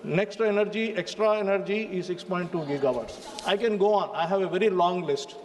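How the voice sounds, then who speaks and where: A man's voice: high voice, normal speed, a little mellow. A man with an Indian English accent giving a formal, emphatic speech in parliament, addressing the chair. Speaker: member of parliament. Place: large parliament chamber. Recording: reverberant chamber, faint ambience.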